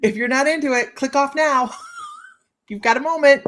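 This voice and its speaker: Faint music plays behind a woman whose voice sits high and a bit bright, moving at a moderate pace with long pauses. She's a playful, chatty host of a casual live psychic-reading stream, giggling often between remarks as she reads cheeky card lines.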